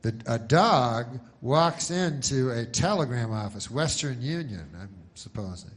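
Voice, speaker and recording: Male comedian with a meandering, deadpan delivery that drifts and stalls on purpose. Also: medium pitch. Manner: meandering, halting, full of fillers and dry asides. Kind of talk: rambling deadpan stand-up storytelling.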